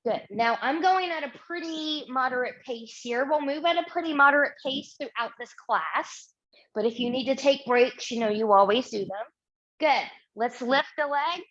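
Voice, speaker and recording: A woman's voice: high-pitched, normal speed, fairly bright tone, muffled recording. A woman teaching a Pilates mat class, guiding movements and saying "good" often to encourage. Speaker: Pilates instructor. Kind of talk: guided exercise class instruction.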